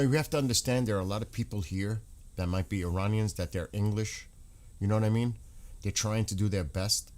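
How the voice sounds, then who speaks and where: Low-voiced man hosting a news livestream. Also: darkish tone. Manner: reads viewer comments aloud and responds, searching websites while talking. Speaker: livestream host reading chat. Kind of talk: casual livestream chat.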